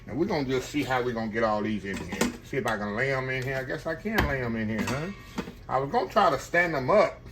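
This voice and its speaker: A man talks his viewers through a home-cooked meal, folksy and chatty and never far from a "y'all". His voice sits at an everyday middle pitch. A steady hiss of background noise runs under the kitchen recording. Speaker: cooking channel host. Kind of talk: casual cooking demonstration.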